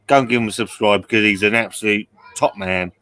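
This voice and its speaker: A man's voice: fairly low pitch, steady tone, fast, sharp tone. A man hosting a casual live stream, bantering in a laid-back way and swearing. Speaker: host.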